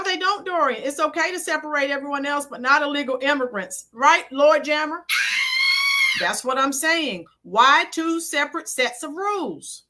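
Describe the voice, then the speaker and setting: A woman's voice: high-pitched, bright, forceful tone. A woman hosting a live-stream political commentary, emphatic and punchy, greeting chat viewers by name. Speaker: livestream commentary host.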